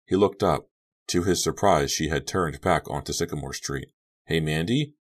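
A man reads an audiobook in a steady, clipped way. His voice sits very deep. It is scripted storytelling narration. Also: normal speed.

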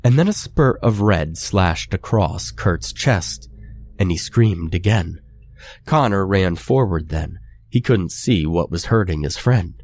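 A man reading a scary story aloud, in a slow and measured horror narration. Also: sits low, darkish tone.

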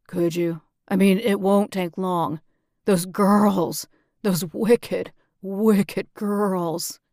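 A woman's voice: mid-range voice, fairly even intonation, extremely slow, a little mellow, dry recording, clean studio sound. A woman voicing an aroused young man who pleads earnestly. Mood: pleading.

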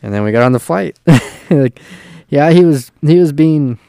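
A man's voice: on the high side, lively intonation, normal speed, gravelly, dark tone, no echo, studio quality. A young man telling a long, loose road-trip story in casual chat, swearing freely and filling his talk with "like". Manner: loose and profane, full of fillers.

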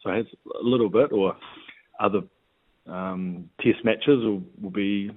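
A man's voice: lowish voice, unhurried, no room sound. A man, a rugby player chatting as an interview guest, hesitant with many ums and restarts. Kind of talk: casual interview chat. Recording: tinny phone-line sound.

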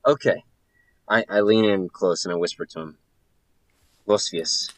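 A man's voice: sits low, fairly quick, no echo. Guy playing a tabletop game, kinda hesitant, dry close sound. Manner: hesitant, many ums and restarts. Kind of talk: casual game play.

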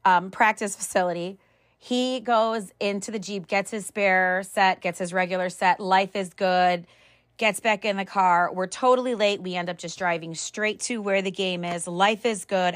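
Mid-age mom rambling through a funny family mess, wry and animated, dry close sound. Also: female voice, medium pitch, moderate pace, no room sound. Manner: animated, wry, exasperated humor; acts out dialogue with "I'm like". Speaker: mother telling a family story. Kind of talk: casual storytelling to camera.

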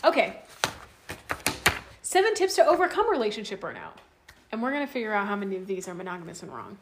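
A woman's voice: medium pitch, very animated, fast, a little hiss or hum. A woman co-hosting a podcast in casual chat, joking and rambling through her points. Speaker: podcast co-host.

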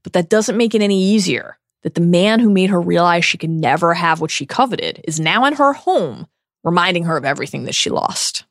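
A woman's voice: fairly low pitch, expressive, a little fast, no room sound, studio quality. A woman co-hosting a book podcast, reading a scripted, earnest and analytical discussion. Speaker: podcast co-host.

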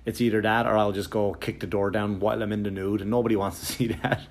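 A man's voice: fairly low pitch, fast. A man, a touring comedian, telling a long story in a rambling, sarcastic, profane way, full of fillers and quoted exchanges. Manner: animated, jumping into quoted exchanges. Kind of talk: casual comedic storytelling monologue.

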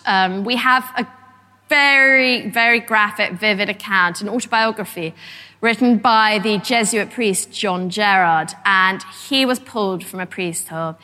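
Woman historian telling lively stories at a lecture, bright clear voice, hall reverb. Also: medium pitch. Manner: lively, animated storyteller. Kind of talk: public lecture, storytelling.

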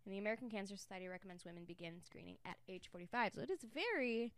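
A woman hosting a podcast in casual chat, talking quickly with frequent laughs and swearing. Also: medium pitch, animated, fairly bright tone, no room sound. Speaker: podcast host. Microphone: studio mic.

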